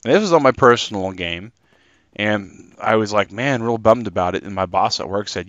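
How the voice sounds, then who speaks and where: Chatty man streaming games, low voice. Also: moderate pace, a bit bright, no echo. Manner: chatty and rambling, talking to chat. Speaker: streamer playing a game live. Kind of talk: casual live-stream chat.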